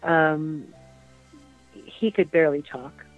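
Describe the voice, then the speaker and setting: A woman's voice: low voice, takes it slowly, soft background music. An older woman, a guest on a radio interview, remembering aloud in a reflective way, repeating phrases and trailing off. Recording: dry tinny phone line.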